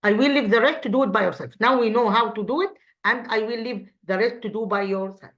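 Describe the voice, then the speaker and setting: A woman English teacher whose first language is Arabic, speaking with an Egyptian accent. She goes over exercises in a halting way, repeating words and checking with "okay?". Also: fairly high pitch, fairly bright tone, lo-fi sound. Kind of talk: revision lesson.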